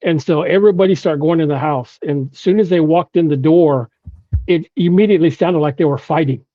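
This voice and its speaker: A man's voice: fairly high pitch, brisk, dry recording, phone-quality sound. A man from Oklahoma, a podcast guest, telling a personal story with frequent "you know" and restarts.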